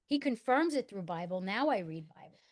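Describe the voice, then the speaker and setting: Woman, middle-aged, earnest storyteller, hushed quoted speech, conversational. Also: mid-range voice, lively intonation, brisk. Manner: earnest storyteller acting out dialogue in hushed tones. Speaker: guest. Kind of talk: personal testimony in conversation.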